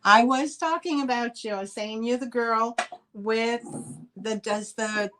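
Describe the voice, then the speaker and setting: Chatty New York woman hosting a live sale, slow and easygoing in delivery. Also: on the high side, a bit bright. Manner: chatty, greets chat viewers by name. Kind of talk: live-stream selling chat.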